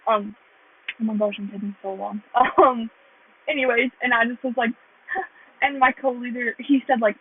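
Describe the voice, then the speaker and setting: Young american woman rambling thru her faith story, says like a lot, husky voice, sounds tinny like a phone. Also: fairly high pitch, fairly even intonation, normal speed, pauses often. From United States. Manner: earnest, rambling, heavy use of "like". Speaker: vlogger sharing her testimony. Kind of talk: casual faith testimony.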